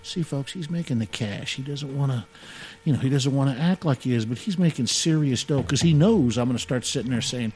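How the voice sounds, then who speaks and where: A man's voice: mid-range voice, lively intonation, brisk, a little mellow, husky. A man co-hosting a radio show, chatting casually in a rambling, joking way and often saying "man". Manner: rambling, jokey, says "man" a lot. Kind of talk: casual chat.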